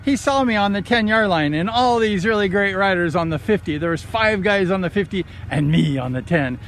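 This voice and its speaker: A man telling old speedway racing stories in a casual, rambling, excited way, slipping into quoted voices. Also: high-pitched, fairly quick, slight background noise. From Southern California. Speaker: vlogger recounting racing days. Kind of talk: casual storytelling.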